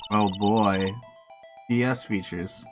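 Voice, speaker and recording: A woman's voice: a bass voice, fairly even intonation, takes it slowly. A woman streaming a game live, chatting casually and giggling, with lots of fillers. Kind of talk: casual live game playthrough, reading dialogue aloud. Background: game music.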